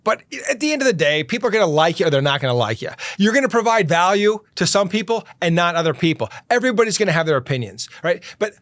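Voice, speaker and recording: Middle-aged guy, earnest and emphatic, kinda high voice, dry close sound. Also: big pitch swings, fairly bright tone, no echo. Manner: earnest, emphatic, slows to stress key points. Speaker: podcast host and lawyer. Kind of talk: reflective interview answers.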